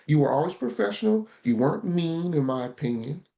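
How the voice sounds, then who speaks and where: A man talks casually as a guest on a podcast. He tells his stories in an animated, frank way. He often repeats a line for emphasis. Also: on the high side, brisk, creaky. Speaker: guest, consulting founder.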